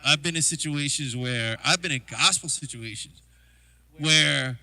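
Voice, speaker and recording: A man's voice: on the high side, measured pace, dry recording. A man, a drummer, chatting to his livestream audience and telling loose, rambling stories about past gigs, full of "you know" asides. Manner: acts out quoted exchanges in a hushed voice. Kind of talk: casual livestream storytelling.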